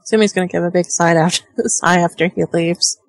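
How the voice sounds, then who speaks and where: A woman's voice: fairly low pitch, steady tone, a little fast, no echo, rough recording. A woman playing a tabletop role-play game, talking casually and trailing off as she explains herself. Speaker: player.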